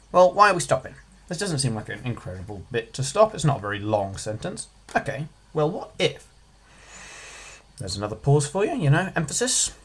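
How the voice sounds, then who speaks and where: A man's voice: medium pitch, a bit bright, husky. A man giving a casual revision lesson as a tutor, chatty, with jokey asides, stressing single words.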